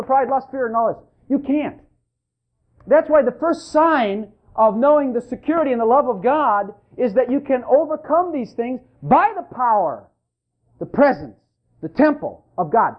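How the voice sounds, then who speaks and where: A preacher delivering a fervent, emphatic sermon in church, repeating phrases and calling out to the congregation. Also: high-pitched. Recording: tinny phone-like sermon recording.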